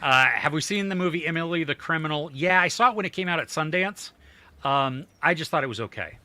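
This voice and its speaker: Bright-voiced man in casual podcast chat. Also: a little high, lively intonation, fairly quick, no echo. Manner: rambling, lots of fillers and restarts. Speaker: podcast co-host.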